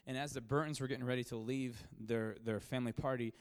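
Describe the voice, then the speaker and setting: A man, a pastor, telling a story in a sermon. He talks casually with many fillers and restarts, and gets louder and more excited at the dramatic moments. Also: medium pitch, fast.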